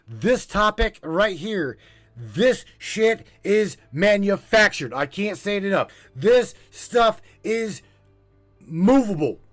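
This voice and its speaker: A man's voice: high-pitched, a bit bright. A male podcast host ranting with urgency, pleading and swearing, repeating himself as he goes. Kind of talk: impassioned livestream rant.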